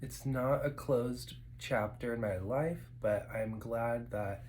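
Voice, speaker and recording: A man's voice: medium pitch, slow pace, hardly any pauses, a little mellow, slight background noise, rough recording. A man chatting casually to his viewers while eating at home, rambling with lots of fillers. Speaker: vlogger. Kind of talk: casual eating vlog chat.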